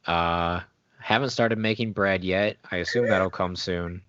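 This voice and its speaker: A man's voice: low voice, unhurried, a bit bright, no echo. A young man joining a podcast as a guest, making dry, laid-back remarks. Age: young adult. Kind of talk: casual chat. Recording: dry, dull lo-fi audio.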